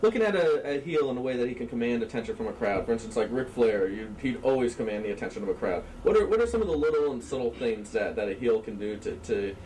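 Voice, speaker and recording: A man interviewing a guest, asking halting, hesitant questions. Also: mid-range voice, very animated, a little mellow. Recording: distant mic with faint background noise.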